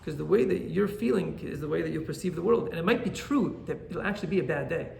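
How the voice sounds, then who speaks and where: A man, a rabbi, teaching an animated Torah class and often checking in with "right?". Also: on the high side, fast, vocal fry, echoey room, a little hiss or hum.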